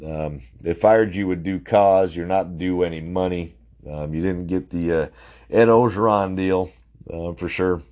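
A man with a very low voice hosts a casual sports podcast. He rambles in a blunt, opinionated way, with many ums and restarts, and now and then he swears. He sounds like he is in his forties. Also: measured pace, a little mellow.

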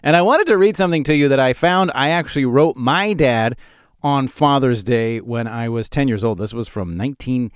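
A man's voice: medium pitch, moderate pace, clear, resonant tone, dry recording, clean studio sound. A man in his forties hosting a solo podcast, telling funny stories with lots of laughter. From Calgary, Canada. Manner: animated, laughs often at his own stories. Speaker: podcast host. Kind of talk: solo comedic storytelling podcast.

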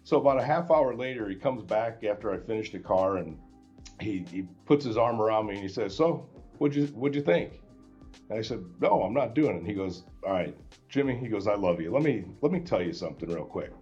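A man guest on a podcast, telling a story in a casual, animated way and acting out the dialogue with many restarts. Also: on the low side, quick pace, highs cut off, faint music behind.

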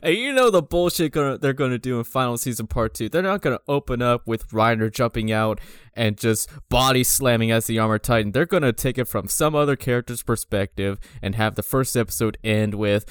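Man with a smooth clear voice, chatting. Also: mid-range voice, a little fast, dry recording, studio quality. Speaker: podcast co-host. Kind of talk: casual chat.

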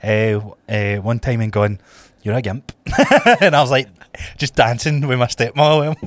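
A Scottish man co-hosting a podcast, chatting in a relaxed way and throwing in quick follow-up questions. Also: mid-range voice, no echo. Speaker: podcast co-host. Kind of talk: casual chat.

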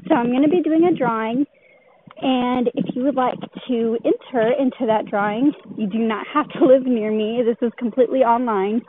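A woman's voice: fairly high pitch, normal speed. A woman introducing herself as a fitness enthusiast while walking home from the gym, out of breath. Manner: friendly self-introduction, walking while talking. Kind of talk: casual podcast message. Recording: tinny phone-like audio with faint noise.

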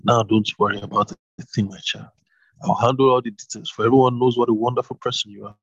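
A man voicing a kind, generous landowner in a read-aloud Bible story, with a husky voice close to his own. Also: medium pitch, steady tone, fast, no room sound, lo-fi sound. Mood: reassuring.

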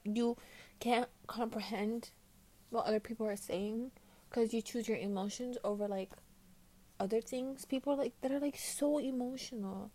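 A woman hosting a podcast, chatting casually and answering questions. She swears a lot and giggles, swinging between loud outbursts and muttered whispers. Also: a little high, steady tone, moderate pace. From United States. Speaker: podcast host.

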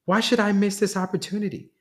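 A man's voice: high-pitched, steady tone, fast, voice pushed up, close to an everyday voice. A man reading a story, voicing a woman friend who speaks eagerly and pleads. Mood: pleading.

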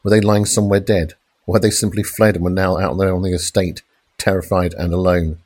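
A man reading a crime novel aloud in measured, dramatic narration, raising his voice for the police shouts. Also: low voice, little pitch movement, no room sound. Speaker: audiobook narrator. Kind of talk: scripted narration.

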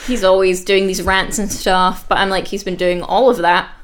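A woman recaps a reality show in casual podcast chat. She tells it in an animated, giggly way. Her pitch sits in the everyday middle range. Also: moderate pace. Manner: animated storyteller, giggly, acts out the quotes.

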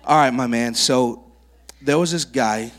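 A male preacher speaking to children in a church sanctuary. He tells his stories vividly and draws kids up on stage as volunteers. His voice sits at an ordinary middle pitch. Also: measured pace. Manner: animated storyteller who works with child volunteers. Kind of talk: sermon with testimony stories.

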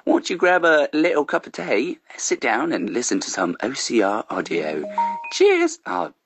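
A man's voice: mid-range voice, huge pitch swings, moderate pace, fairly bright tone, slightly rough. A man recording a jokey promo spot, hamming up a put-on English accent. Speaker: podcast host on another show.

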